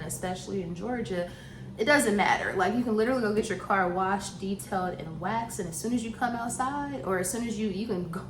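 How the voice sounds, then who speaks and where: Woman vlogger, chatty and giggly, slightly breathless; echoey room. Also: mid-range voice. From Southern US. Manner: chatty and laughing, with many restarts and asides. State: a little out of breath. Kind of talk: casual chat to camera. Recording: echoey room with faint noise.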